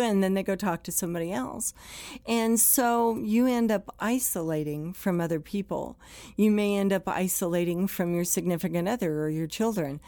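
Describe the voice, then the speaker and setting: A woman's voice: mid-range voice, animated, normal speed, warm tone, no room sound. A woman hosting a podcast for first responders, giving plainspoken advice in a conversational way and acting out quoted complaints.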